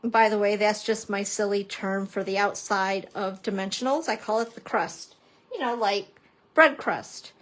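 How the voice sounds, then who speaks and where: A woman's voice: mid-range voice, measured pace. A woman papercrafting instructor chatting through a casual live-stream craft demo, playful and self-mocking with joking asides.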